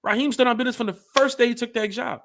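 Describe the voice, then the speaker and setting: His voice is very high-pitched and racing as he co-hosts a sports fan podcast. The man rambles casually and with lots of energy, addressing his co-host directly.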